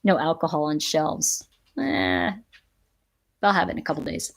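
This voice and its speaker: A woman's voice: deep voice, very animated, moderate pace, gravelly. A middle-aged woman talks to her viewers on a casual live stream. She speaks with emphasis and laughs often between her points. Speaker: livestream host.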